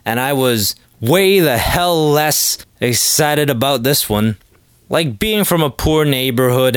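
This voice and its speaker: A man hosting a podcast, delivering a crude, joking solo monologue with sudden loud exclamations. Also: mid-range voice, dry recording, studio quality. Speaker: podcast host. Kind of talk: casual comedic monologue.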